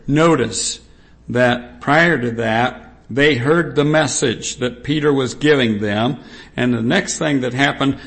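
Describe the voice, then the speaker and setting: A male preacher delivers a sermon with scripture readings, repeating key points with steady emphasis. His voice is gravelly and his delivery unhurried, drawn out and deliberate. He speaks at a mid pitch. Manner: slow, emphatic and repetitive.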